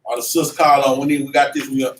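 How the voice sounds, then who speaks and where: A man teaching a religious class in an animated, preachy way, with lots of slang and repeated "man". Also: mid-range voice, quick pace. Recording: echoey room, mic at a distance, faint noise.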